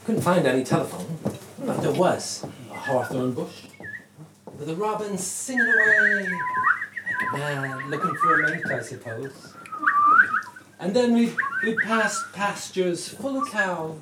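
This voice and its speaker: A man's voice: high voice, big pitch swings, measured pace, roomy sound, heavy background noise. A man with a Cornish accent, telling a rambling, chuckling story in a group chat. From Cornwall. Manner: rambling, chuckling anecdote teller.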